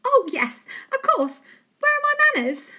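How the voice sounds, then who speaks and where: A woman voicing a panicky, excitable mother who talks in a shrill, frantic rush. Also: unhurried, exaggerated voice.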